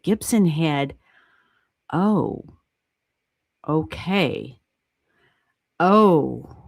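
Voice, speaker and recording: A woman hosting a livestream in a lower, easygoing voice, talking casually and getting excited, laughing and swearing now and then. The sound is dry and close, with little room around it. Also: no room sound. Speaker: astrology livestream host.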